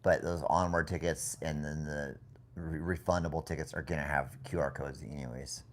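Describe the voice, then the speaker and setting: A very low-voiced man co-hosts a casual live stream from home. He rambles in a loose, easygoing way, circling back and restarting his sentences as he answers viewer questions. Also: moderate pace. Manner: rambling, relaxed, many fillers and restarts. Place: home indoors with a TV in the background.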